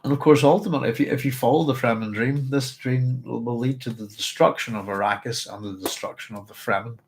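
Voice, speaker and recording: A man's voice: medium pitch, fairly even intonation, fast talker. A man hosting a book club, chatting casually and reading passages aloud, with a thoughtful, rambling manner full of fillers and self-corrections.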